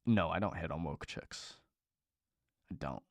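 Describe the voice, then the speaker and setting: A man's voice: deep voice, measured pace, no echo. A young man hosting a live stream in casual chat, blunt and profane, with lots of "bro" and "dude".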